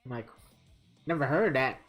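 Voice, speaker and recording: A man's voice: mid-range voice, lively intonation, moderate pace, fairly bright tone, faint music behind. A man live-streaming a fighting game, chatting casually with viewers in a rambling, profane storytelling manner.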